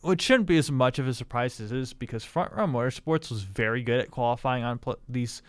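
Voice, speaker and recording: A man's voice: mid-range voice, brisk, no room sound. A man hosting a racing podcast from a studio, trading joking, mock-defensive banter with his co-host. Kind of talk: casual racing podcast chat.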